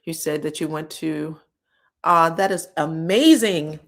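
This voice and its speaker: A woman in casual chat, recapping reality-show scenes for viewers with animated, emotional delivery and free swearing. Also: sits low, a little slow. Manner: retells scenes in others' voices.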